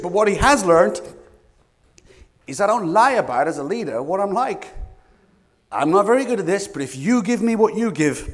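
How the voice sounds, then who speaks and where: A British man delivers a keynote on leadership to a roomful of listeners, his voice sitting high for a man. He talks in an animated way, quizzing the audience and playing out little scenes. A long reverb trails each phrase, as in a large hall. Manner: animated, asks the audience questions, acts out quotes. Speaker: leadership coaching speaker. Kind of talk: keynote talk to a live audience. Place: conference room with an audience.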